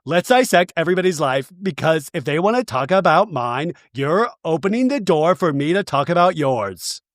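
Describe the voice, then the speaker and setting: A man quoting an upset, defensive reality-show woman in his own voice, a little lower and hurt-sounding. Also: animated, normal speed, no echo, studio quality, close to an everyday voice.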